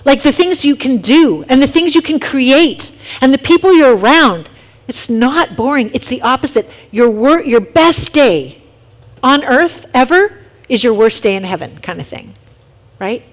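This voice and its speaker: Bright-voiced woman telling lively stories. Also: high voice, measured pace. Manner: lively storytelling, asks the group questions. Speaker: youth leader speaking to middle schoolers. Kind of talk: casual youth talk.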